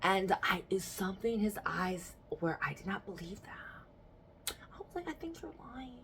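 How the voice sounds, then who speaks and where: A woman's voice: lowish voice, unhurried, fairly bright tone, slight background noise. A young adult woman hosting a podcast, chatting casually and telling stories frankly with bursts of laughter. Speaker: podcast host.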